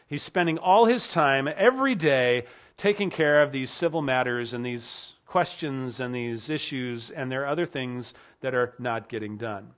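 Man, pastor, sermon, slightly high voice, earnest, drops quiet for emphasis. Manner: earnest, drops low and quiet to stress points.

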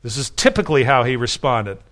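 A man's voice: medium pitch, very animated, brisk, a bit bright. A man preaching a sermon, asking rhetorical questions and building to emphatic peaks. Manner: voices the accusers with sharper, raised delivery. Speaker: pastor.

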